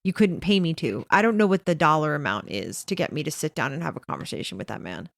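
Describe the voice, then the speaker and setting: A woman co-hosts a podcast in easygoing conversation, her voice a bit low with some fry. She chimes in with short agreements and dry jokes. The recording is close and dry. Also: animated, no room sound. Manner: quick agreeing interjections, dry humor. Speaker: podcast co-host. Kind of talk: casual chat.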